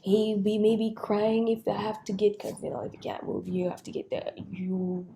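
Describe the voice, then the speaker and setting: A young woman vlogs about her day in a rambling, frustrated way, her voice slipping down to a whisper at times. Her tone is mellow and rather dark, at an ordinary pitch for a woman. A faint hiss sits under the recording. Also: little pitch movement, moderate pace, creaky. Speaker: vlogger. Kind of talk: emotional personal storytelling.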